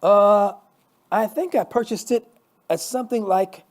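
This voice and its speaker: A man's voice: high voice, measured pace, pitched above the performer's own voice. A man reading a story and voicing an earnest, grateful middle-aged pastor who talks with hesitant fillers. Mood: remembering.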